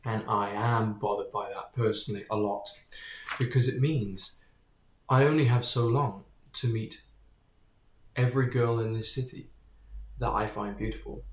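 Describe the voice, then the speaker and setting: A man's voice: lowish voice, fairly even intonation, normal speed. Rambling man in an echoey room. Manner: digressive, keeps drifting off topic, blunt and profane. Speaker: vlogger. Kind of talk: casual rambling monologue to camera.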